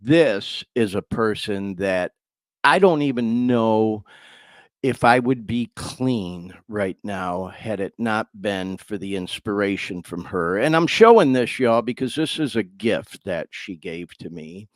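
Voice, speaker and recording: A man hosting a podcast in an unhurried, easygoing way, his pitch swinging widely as he speaks. He sounds heartfelt and keeps choking up. The sound is dry and close. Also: animated, no echo. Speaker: podcast host. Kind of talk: casual podcast talk.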